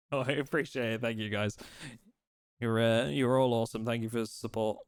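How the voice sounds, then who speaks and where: A man streaming a game live, chatting casually in a relaxed, rambling way and teasing his chat. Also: medium pitch, normal speed, smooth, no echo, clean studio sound.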